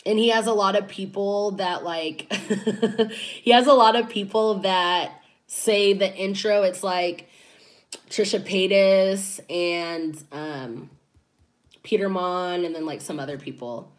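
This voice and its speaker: A woman's voice: medium pitch, takes it slowly. A woman giving casual, chatty commentary as a YouTuber, laughing often between her points.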